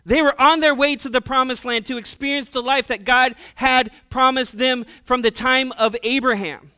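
A man preaching a sermon in a conversational way, moving from loud, animated storytelling to hushed, serious emphasis. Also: very high-pitched, normal speed, clean tone. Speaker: pastor.

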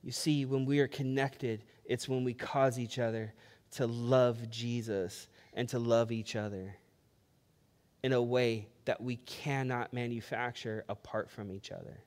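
A man's voice: mid-range voice, steady tone, measured pace, darkish tone. A man preaching a sermon as pastor, conversational and storytelling, building emphasis as he speaks.

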